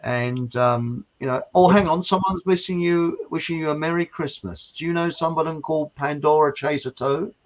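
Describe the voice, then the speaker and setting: A man's voice: on the high side, moderate pace, hardly any pauses, muffled recording. A man with a Home Counties English accent hosting a casual chat show, rambling and hesitant with many fillers and restarts. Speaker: host.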